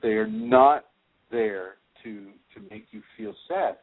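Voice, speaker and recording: A man's voice: mid-range voice, sing-song, slow, creaky. A man hosting a spiritual radio show, speaking straight to the listener and reassuring them as he answers their questions. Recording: tinny phone-line radio audio.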